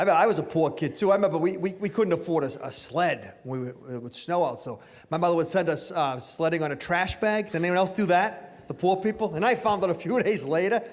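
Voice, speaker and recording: Animated middle-aged stand-up comedian man. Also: fairly high pitch. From Italian-American family. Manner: self-mocking, conversational, works the crowd.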